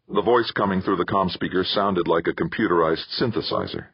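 A man narrating an audiobook in a measured, expressive way. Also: sits low, gravelly, breathy edge, dry recording, dull audio. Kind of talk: scripted narration.

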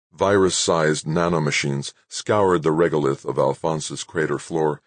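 A man reading an audiobook as narrator in a steady, even, scripted way. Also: rumbling low, no room sound.

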